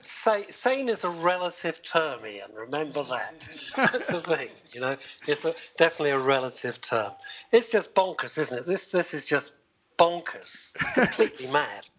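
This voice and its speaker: A man's voice: fairly high pitch, very animated, normal speed, fairly bright tone, poor audio. A man who does stand-up comedy, chatting as a guest in a joking way and laughing often. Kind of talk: casual chat.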